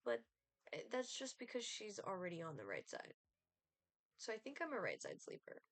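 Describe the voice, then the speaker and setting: A woman's voice: mid-range voice, huge pitch swings, moderate pace, no echo. A young adult woman streaming a game, chatting casually with giggly, rambling asides.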